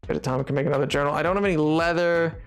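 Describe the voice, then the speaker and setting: A man streaming a game, chatting casually into a desk microphone, excitable, laughing often and bursting into exclamations. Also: a little high, rapid-fire, soft background music. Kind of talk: casual gaming livestream chat.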